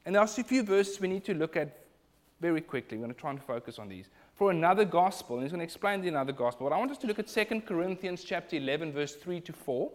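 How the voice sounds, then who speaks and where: A man's voice: on the high side, expressive, fast talker. A man preaching a sermon, emphatic and building in intensity.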